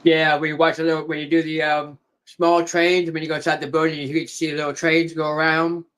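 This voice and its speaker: Man, fairly high pitch, casual chat, matter-of-fact. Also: little pitch movement, fairly quick, fairly bright tone.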